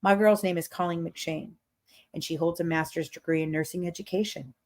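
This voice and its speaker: Profane, dramatic woman podcast host, low voice. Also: fairly even intonation, fairly quick. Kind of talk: casual storytelling rant.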